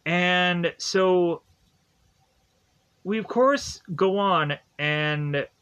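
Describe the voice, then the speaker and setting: Man, young adult, casual rambling commentary, jokey asides, slightly high-pitched. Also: extremely slow, fairly bright tone, clear, resonant tone, low-quality recording. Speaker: show reviewer.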